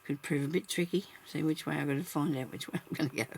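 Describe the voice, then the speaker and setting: Gravelly-voiced woman crafting and musing aloud. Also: low voice, quick pace, darkish tone. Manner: chatty, muses to herself, laughs often. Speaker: crafting vlogger. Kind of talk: casual crafting chat, thinking aloud.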